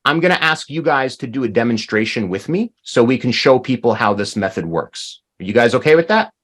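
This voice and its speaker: A man's voice: medium pitch, animated, brisk, a bit bright. A man teaching a language class over a video call, explaining patiently and checking in with "right?".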